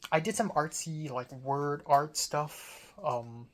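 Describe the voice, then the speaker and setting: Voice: mid-range voice, takes it slowly. A young adult film student telling a story in a casual monologue, rambling with lots of "like" fillers and casual swearing.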